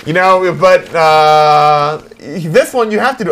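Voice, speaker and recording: A man hosting a casual comedy talk show, animated and joking. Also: on the high side, takes it slowly, a little hiss or hum. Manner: animated, reads out and imitates movie quotes. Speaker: host.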